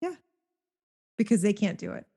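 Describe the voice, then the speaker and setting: A woman co-hosting a podcast in casual chat, candid and quick to laugh, swearing now and then. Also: mid-range voice, very animated, gravelly, warm tone. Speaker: podcast co-host.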